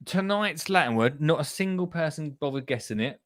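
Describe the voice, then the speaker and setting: A man hosts a gardening podcast in a loose, jokey way. He rambles with plenty of ums and uhs at a mid pitch, friendly and chatty. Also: animated, brisk, hardly any pauses, faint music behind. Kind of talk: casual chat.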